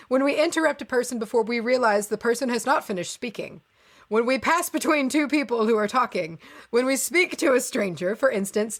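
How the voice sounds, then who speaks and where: Higher-pitched woman, sarcastic podcast co-host. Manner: reads aloud with exasperated, sarcastic asides. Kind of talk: casual podcast chat.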